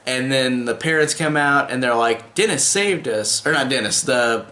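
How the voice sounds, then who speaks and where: A man's voice: medium pitch, steady tone, moderate pace, pushed and bright. A young man giving a casual video review, rambling, with many fillers and restarts. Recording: roomy echo.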